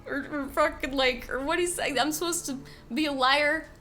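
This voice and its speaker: A woman's voice: high-pitched, moderate pace, sharp tone, soft background music. A woman streaming a video game, chatting casually and with exasperation, swearing often. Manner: exasperated, swearing, frequent laughs.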